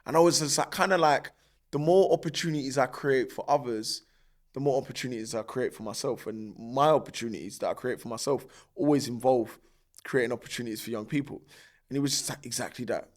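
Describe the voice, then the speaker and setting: A man's voice: medium pitch, fairly quick. A man, a podcast guest telling his story in loose, slangy talk and acting out the dialogue he quotes. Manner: animated, acts out quoted dialogue with a raised voice; loose, filler-heavy street slang.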